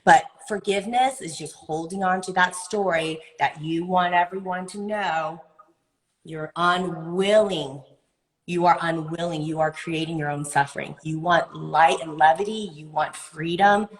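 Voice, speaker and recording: A woman speaking earnestly as a wellness guest on a live video call. Her voice sits a little low, and she stays animated as she gives advice. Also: moderate pace, hardly any pauses, low-quality recording. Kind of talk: conversational advice in a live interview.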